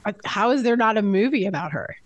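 A woman hosting a casual interview, asking questions in a chatty way with halting restarts. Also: medium pitch, lively intonation, no room sound, muffled recording. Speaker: interviewer, host.

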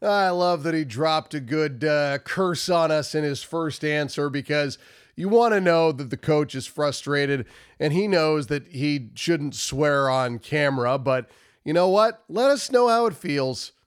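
A man's voice: a little high, unhurried, clean tone. A man with a nasal voice from a cold, giving emphatic, repetitive post-game hockey analysis. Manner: emphatic, repetitive, stumbles over words. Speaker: hockey commentary host.

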